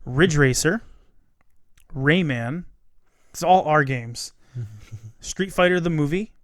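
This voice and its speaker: A playful man in his thirties co-hosts a casual chat show, his voice sitting a bit high for a man. He rattles off lists with plenty of laughs. The recording is dry and close, with no room around it. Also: lively intonation, slow, no echo. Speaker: podcast co-host.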